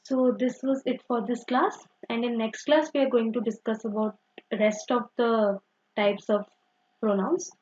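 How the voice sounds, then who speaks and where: A woman's voice: on the high side, steady tone, measured pace, a little mellow, lo-fi sound. A woman teaching an online grammar lesson, explaining step by step and often saying "simple" and "okay".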